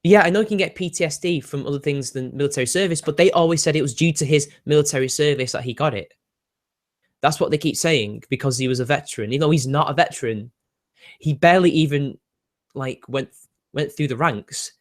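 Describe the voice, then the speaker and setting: A laid-back British man with a voice on the high side talks a little fast as he hosts a casual livestream. Reading the chat, he answers viewer questions in a chatty, sardonic way and laughs often.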